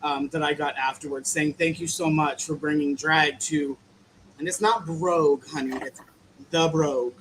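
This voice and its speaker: A woman's voice: deep voice, fairly even intonation, normal speed, a bit bright, low-quality recording. A guest drag artist chatting casually, rambling and easily distracted, calling people "honey" and "girl". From Maryland. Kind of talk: casual chat. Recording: faint background noise.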